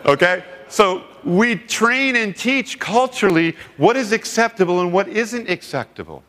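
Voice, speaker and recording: A man's high voice runs a little slow, with hardly any pauses, as he preaches to a seminar audience. He tells animated stories and acts out quoted voices, and the hall reverb is long.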